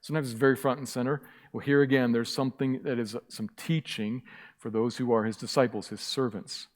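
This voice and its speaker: Impassioned preacher in a reverberant church. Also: male voice, mid-range voice, steady tone, fairly quick. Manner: impassioned, emphatic repetition. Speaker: pastor. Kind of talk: sermon. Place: church sanctuary.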